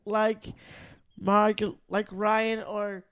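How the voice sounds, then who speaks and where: A man in a casual chat, speaking haltingly with many restarts. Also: high voice, little pitch movement, a bit bright, clean tone. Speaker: podcast guest.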